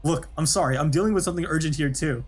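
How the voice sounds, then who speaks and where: A desperate stranger begs and pleads, pitched up and urgent, voiced by a husky streamer. Each line presses that it is life or death. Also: male voice, quick pace. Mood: pleading. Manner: begging, urgent. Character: desperate pleading man in a hurry.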